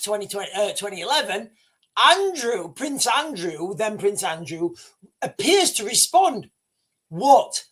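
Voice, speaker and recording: Excitable man, lively swinging pitch. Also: husky. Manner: excitable, swears freely, stammers and restarts. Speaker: livestream host. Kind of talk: live commentary reading breaking news.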